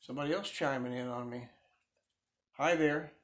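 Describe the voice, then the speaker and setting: A man's voice: mid-range voice, normal speed, a bit bright. A middle-aged man chatting casually with live viewers while sanding wood on a lathe in his workshop, rambling and reading their comments aloud. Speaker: woodworker streaming live. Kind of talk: casual chat while working. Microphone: phone.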